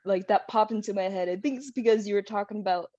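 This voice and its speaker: A woman's voice: medium pitch, fast talker, warm tone, dry recording, muffled recording. A woman chatting casually on a podcast, telling a story with frequent giggles.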